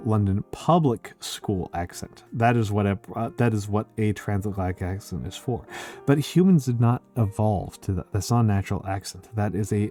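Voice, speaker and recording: A man's voice: lowish voice, warm tone. A man hosting a casual group chat on a stream, explaining things in a rambling, lecture-like way with jokey asides. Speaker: streamer and host.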